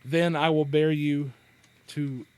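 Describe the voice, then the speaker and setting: A man's voice: a little high, steady tone, slow. A man voicing a great male eagle lord, proud and swift, in a read-aloud storytelling delivery. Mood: stately.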